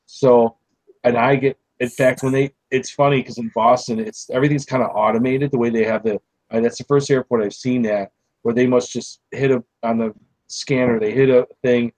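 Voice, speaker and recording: A man's voice: mid-range voice, a little mellow, no echo, rough recording. A man, a podcast host telling a long, rambling story in casual chat. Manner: rambling, restarts, acts out quoted people.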